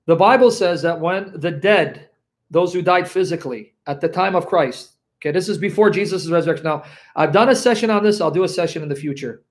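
A male preacher giving an impassioned Bible teaching to a live audience. He swings between loud and hushed and keeps checking in with his viewers. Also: sits high, brisk. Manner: talks straight to viewers with frequent check-ins.

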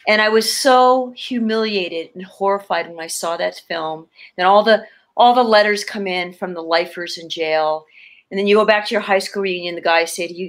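A woman's voice: mid-range voice, a little fast. A woman in her fifties, a guest actor from Canada, telling stories in a casual interview over a video call, laughing often and restarting her sentences. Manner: animated, laughing, many restarts.

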